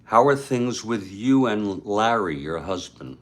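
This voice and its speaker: A man casually retelling a story he wrote, stopping for asides and fillers. His voice is on the low side and his delivery is slow and unhurried. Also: animated.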